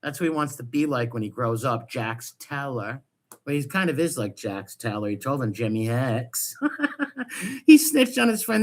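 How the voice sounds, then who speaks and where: A man hosting a stream, ranting in crude, mocking casual commentary with loud outbursts. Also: on the high side, gravelly. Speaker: stream host.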